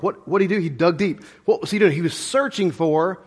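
A man's voice: high-pitched, brisk, hardly any pauses, a little mellow, breathy edge. A middle-aged man preaching a conversational sermon as a pastor, folksy and plain-spoken, full of rhetorical questions.

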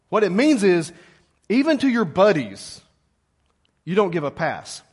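A middle-aged man preaching a sermon as pastor, lively and calling on the congregation to answer back. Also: high voice, normal speed, husky. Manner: lively, calls congregation to respond.

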